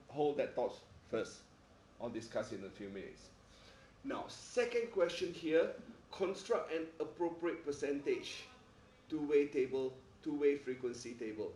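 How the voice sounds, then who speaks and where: A man's voice: mid-range voice, darkish tone, slight background noise. Emphatic male teacher in echoey classroom. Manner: emphatic, repeats "all right?" often. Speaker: maths teacher. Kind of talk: classroom lecture. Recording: echoey room, mic far off.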